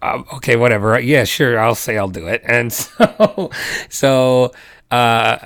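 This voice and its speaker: Gravelly-voiced man telling a story. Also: medium pitch, slow, no room sound. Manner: animated, laughing, acts out quoted voices. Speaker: podcast co-host. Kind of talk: casual storytelling chat.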